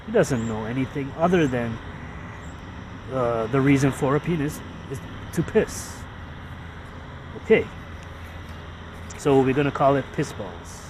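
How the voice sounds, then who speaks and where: A man casually explaining his own ads in a halting, repetitive way, full of fillers and restarts. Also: medium pitch, distant mic, noisy background.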